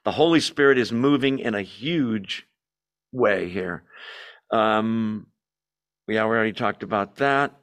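A man's voice: fairly low pitch, measured pace, long pauses, a bit bright. A man leading a Bible study in a church meeting room, speaking animatedly and asking and answering his own rhetorical questions.

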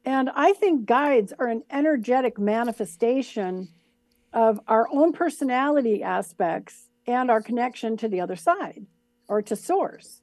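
Bright high-voiced woman, dry close sound. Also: unhurried, no room sound. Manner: animated, acts out voices of her guides. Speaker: guest. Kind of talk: casual conversation.

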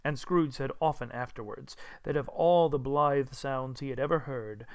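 An audiobook narrator, a man, reads a classic story aloud in an expressive, storyteller's style. His voice sits at a medium pitch and moves at a moderate pace, and the scripted narration is recorded dry with studio quality.

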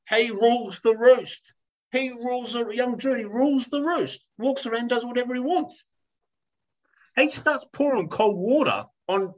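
A man's voice: sits high, a bit bright, muffled recording. A man telling a story in a casual chat, ranting animatedly, swearing and acting out the people in it.

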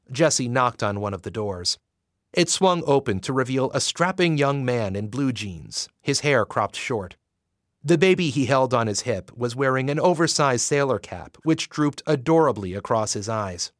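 A man narrating a romance audiobook in an expressive, measured way. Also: medium pitch, no echo, clean studio sound.

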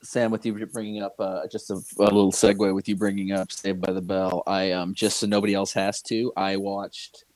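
A man's voice: sits low, flat delivery, normal speed, hardly any pauses, darkish tone, dry recording. A man chatting casually on a podcast, rambling and hesitant with many fillers. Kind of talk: casual chat.

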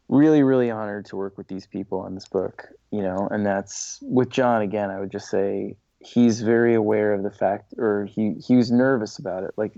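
A man telling stories as a podcast guest, rambling and animated with many restarts. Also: on the low side, creaky, no echo, dull audio. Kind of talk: casual storytelling in an interview.

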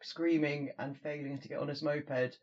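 Man, co-host, slightly high, husky, chatty, muffled lo-fi mic. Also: fairly even intonation, normal speed, darkish tone. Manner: chatty, lots of "like". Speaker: podcast co-host. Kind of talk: casual podcast chat.

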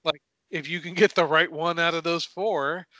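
A man's voice: on the high side, steady tone, moderate pace, sharp tone, no room sound. A young man co-hosting a podcast over a video call, musing in a casual, playfully wry way. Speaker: podcast co-host. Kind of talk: casual chat.

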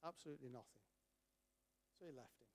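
A middle-aged man telling an animated story to an audience, acting out the voices of the people in it. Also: mid-range voice, fast talker, vocal fry. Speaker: speaker at a charity event. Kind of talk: storytelling talk.

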